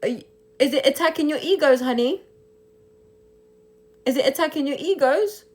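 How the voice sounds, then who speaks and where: A woman's voice: high-pitched, lively intonation. A young woman on a phone live stream, reading and answering viewer comments, shifting into taunting, indignant rhetorical questions. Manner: switches between English and Albanian, taunting and indignant; rapid, repetitive rhetorical questions. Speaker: livestreamer.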